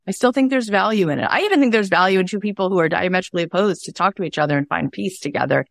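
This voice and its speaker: A woman in her thirties hosting a podcast, giving a casual motivational talk in an earnest, animated way with emphatic repetition. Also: lowish voice, dry recording, clean studio sound. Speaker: podcast host.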